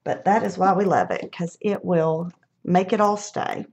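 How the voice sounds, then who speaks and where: Woman, middle-aged, lowish voice, chatty, thinking aloud, live craft demo. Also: fairly even intonation, a little slow, a little mellow. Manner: chatty, self-laughing, thinking aloud while working. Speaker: craft demonstrator.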